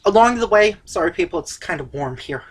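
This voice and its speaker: A woman's voice: on the low side, lively intonation, a little fast, husky. Woman co-host, casual movie recap, loose and rambling delivery. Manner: rambling, with many "like" fillers. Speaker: co-host of a movie review show.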